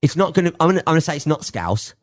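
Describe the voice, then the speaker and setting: A man's voice: a little high, big pitch swings. Jokey Birmingham man, casual chat. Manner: jokey, teasing, quick asides. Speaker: podcast co-host. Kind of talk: casual banter.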